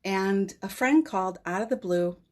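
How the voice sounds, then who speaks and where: A middle-aged woman with a medium-pitched voice speaks at a normal pace as host of a daily live spiritual session, recorded over a phone livestream. She tells heartfelt spiritual stories with deep emotion, often near tears, and laughs softly between phrases.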